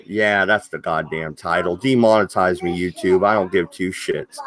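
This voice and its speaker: A man's voice: deep voice, expressive, normal speed, a bit bright. A man hosting a livestream, ranting angrily and swearing heavily. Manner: heated, profane, swearing often. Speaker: livestream host. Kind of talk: angry livestream rant.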